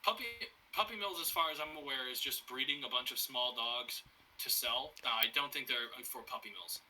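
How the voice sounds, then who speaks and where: A man's voice: mid-range voice, brisk, pushed and bright, slightly rough, far from the mic, poor audio. A man co-hosting a podcast in casual chat, rambling, profane and sarcastic. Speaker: podcast co-host. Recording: off-mic with faint hiss.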